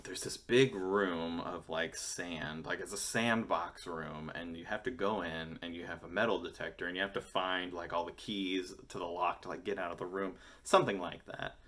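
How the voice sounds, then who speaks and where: A man's voice: low-pitched, fairly even intonation, moderate pace, few pauses, fairly bright tone. An American man in his thirties chatting casually to camera, rambling and enthusiastic, swearing freely. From United States. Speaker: vlogger.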